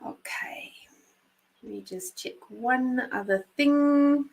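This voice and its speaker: Slow-talking New Zealand woman. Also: high voice, creaky, a little mellow, rough recording. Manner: chatty, affectionate, addresses viewers by name. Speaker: host giving intuitive readings. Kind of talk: live-stream chat and card readings.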